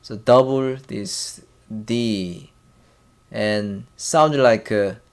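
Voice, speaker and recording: A man with a Korean accent teaching a language lesson in a slow, halting way, pausing often and drilling syllables aloud. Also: fairly low pitch, clear, resonant tone. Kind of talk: casual whiteboard lesson.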